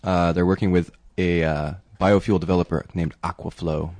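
A man's voice: low-pitched, level tone, normal speed, darkish tone, no echo. A man co-hosting a casual radio show, reading news stories with many fillers and restarts and joking with his co-hosts. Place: radio studio.

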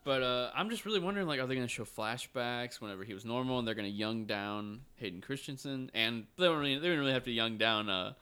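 A young man in easygoing conversation, with a bright, forceful tone at a middling pitch. He gives his opinions bluntly and emphatically, dropping casual slang along the way. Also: fast, few pauses, clear, resonant tone. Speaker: podcast co-host. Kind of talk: casual chat.

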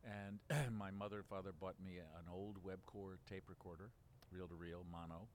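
A man's voice: deep voice, steady tone, moderate pace, slight background noise. A man in his seventies from Baltimore, talking through memories at length in an interview, rambling with many fillers and restarts. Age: 70s. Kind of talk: relaxed reminiscing interview.

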